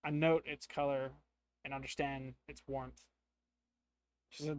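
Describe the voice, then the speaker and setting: A man's voice: mid-range voice, little pitch movement, measured pace, no room sound. Man musing through a solo tabletop game. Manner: musing, thinking aloud. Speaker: solo tabletop player and narrator.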